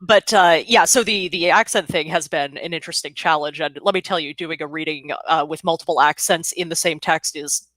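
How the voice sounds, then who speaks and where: Woman author, bright clear tone, dry close sound, chatty and laughing. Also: sits low, brisk, hardly any pauses, no room sound. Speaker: author guest. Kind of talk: livestreamed bookshop conversation.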